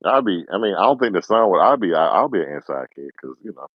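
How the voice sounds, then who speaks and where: A man's voice: low voice, sing-song, fast, no echo, lo-fi sound. A man co-hosting a podcast, brash and provocative, joking through casual group banter. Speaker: podcast co-host.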